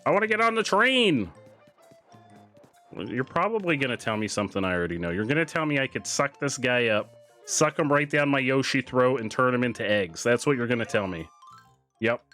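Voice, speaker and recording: A man streams a video game, talking a little fast in a mid-range voice. He keeps things animated and jokey, reads on-screen text aloud, and has faint game music playing in the background.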